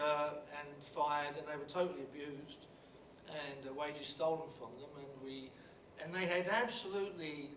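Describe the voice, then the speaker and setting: A middle-aged Englishman speaks at a panel talk, telling a story in a halting, blunt way with many restarts and fillers. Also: fairly high pitch. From England. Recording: roomy hall from a distant mic with background noise.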